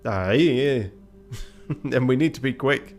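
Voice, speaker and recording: A man's voice: medium pitch, expressive, slow pace, soft background music. A man voicing a brash, angry male ship engineer who swears and barks orders. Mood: impatient. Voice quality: loud and gruff, swearing.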